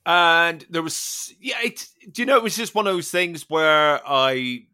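On a casual podcast, a male co-host tells an anecdote, performing the quoted lines of the people involved and swearing casually as he goes. His voice is fairly high, animated and sharp, clear and resonant, at a measured pace.

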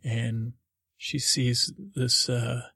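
A man hosting a podcast, rambling through a dreamlike story in halting, filler-heavy speech. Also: medium pitch, monotone, vocal fry, bright, forceful tone, husky, dry recording, clean studio sound. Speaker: podcast host.

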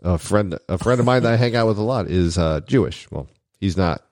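A man's voice: low voice, animated, fairly quick, darkish tone, no room sound, studio quality. A man co-hosting a podcast in casual banter, joking and rambling, laughing often. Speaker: podcast co-host.

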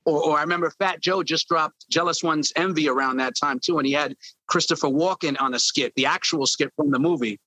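A man recounts his days as a label intern in an interview, telling it animatedly and acting out what people said. His voice is bright and a little high. The sound is close and dry. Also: a little fast, dry recording, rough recording. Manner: animated storyteller acting out quotes. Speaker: former record label intern. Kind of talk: storytelling interview.

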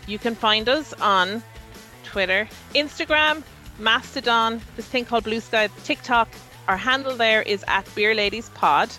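Woman, scripted announcement, upbeat, bright tense voice, faint music behind. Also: a little high, a little slow, poor audio. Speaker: podcast co-host reading show notices.

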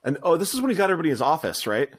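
A man co-hosting a podcast, chatting casually about a movie, relaxed and rambling with laughs. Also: a little high, racing, slightly rough. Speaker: podcast co-host.

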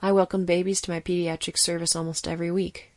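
A woman giving steady, vivid scripted narration of a fiction story. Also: fairly low pitch, fast talker, no room sound.

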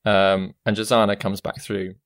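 A man runs a tabletop game, narrating in an easygoing, chatty way. His voice sits at an ordinary pitch, recorded dry and close with almost no room sound. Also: normal speed, dry recording. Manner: relaxed, chatty, with fillers. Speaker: game master.

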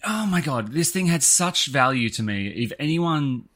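A man co-hosting a podcast, telling a story in casual chat, animated and full of swings in pitch. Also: moderate pace. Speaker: podcast co-host.

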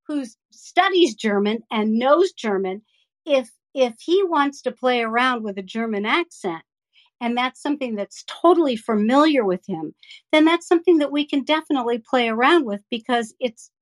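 A woman with a somewhat high voice talks through how she coaches young voice actors. She answers eagerly and with examples, in a podcast interview. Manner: enthusiastic, explains with examples. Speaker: voice-over coach for children.

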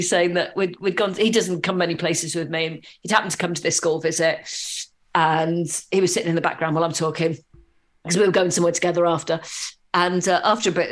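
A woman guest in a casual interview, chatting and telling anecdotes in a lively way. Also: on the low side. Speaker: podcast guest.

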